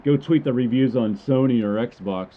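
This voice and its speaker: A man's voice: medium pitch, moderate pace, lo-fi sound. A man ranting about a game update, rambling and stammering in frustration. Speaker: gamer commentator. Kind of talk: ranting commentary.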